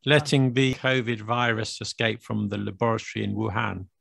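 Low gravelly-voiced joking British man. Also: fairly even intonation, normal speed, fairly bright tone, no echo, clean studio sound. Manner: joking, teasing, laughs often. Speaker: podcast co-host. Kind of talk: casual chat.

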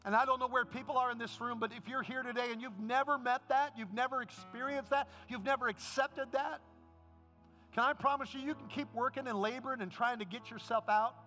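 A man's voice: very high voice, fairly even intonation, fairly quick, soft background music. A man preaching a sermon as pastor, then leading the congregation in an emotional prayer. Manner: impassioned preaching, rising to a shout.

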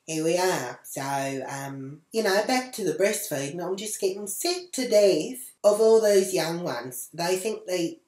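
A brash, foul-mouthed Australian woman rants to camera in a fairly low voice. She talks crudely and swears without a second thought. The sound bounces around a small echoey room at home. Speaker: vlogger.

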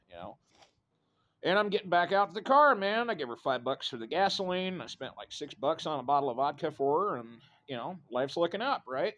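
Middle-aged man from Idaho, slightly high voice, loose profane storyteller who rambles. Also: a bit bright. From Idaho, USA. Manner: profane, rambling, full of fillers like "right?" and "you know". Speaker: vlogger telling a personal story.

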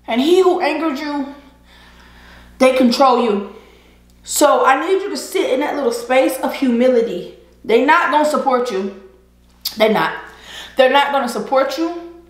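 Woman vlogger, high voice, earnest slangy pep talk, echoey room. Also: expressive, unhurried, long pauses. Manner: earnest, preachy, swings into laughter and slang. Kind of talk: casual heartfelt monologue while eating. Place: indoors at home, eating a seafood boil.

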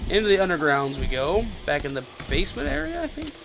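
A man's voice: on the high side, big pitch swings, quick pace, creaky, noisy background. A man giving casual gameplay commentary as a let's-play host, goofy and joking, talking to the characters on screen and making his own sound effects. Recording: game music playing under the voice.

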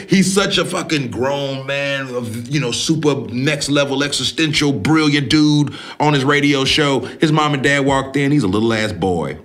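A man hosting a podcast, recapping a film in a casual, animated and profane way, acting out the characters as he goes. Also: medium pitch, moderate pace. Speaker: podcast host.

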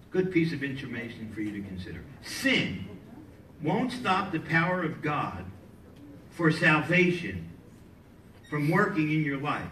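A male pastor preaching a sermon in a church, lively and joking with the congregation between points. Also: on the high side, a little hiss or hum. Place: church sanctuary. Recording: echoey hall, mic at a distance, faint ambience.

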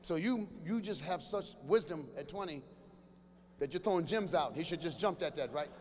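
A man in his fifties doing stand-up comedy with crowd work, animated, often acting out other people's voices and bantering with the audience. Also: on the high side, moderate pace, in a large hall, a little hiss or hum. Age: 50s. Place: large church hall before a live audience.

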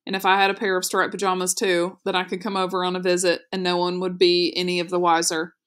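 A woman reading the part of a curious, kind young boy, in a slightly brighter, eager tone. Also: fairly low pitch, completely flat delivery, fast talker, lightly acted. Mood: excited.

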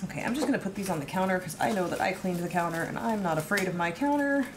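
A woman's voice: fairly low pitch, expressive, quick pace. Playful woman baking at home, noisy stream. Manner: playful, joking, narrates the steps. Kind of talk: casual chat while baking. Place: home kitchen. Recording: noisy live-stream audio.

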